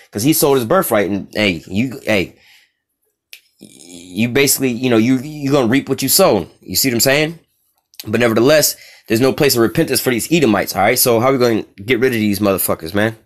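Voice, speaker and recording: A man's voice: on the low side, fairly quick. A man teaching scripture in a loose, casual way. He reads verses aloud and explains them bluntly in street talk, with many fillers and a constant "all right?". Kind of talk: informal scripture lesson.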